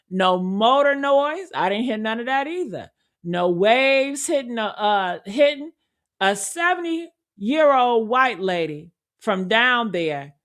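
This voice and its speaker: A woman's voice: a little high, fairly bright tone. A woman giving blunt, sarcastic true crime commentary, swearing freely and talking straight to her viewers. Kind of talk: casual video commentary.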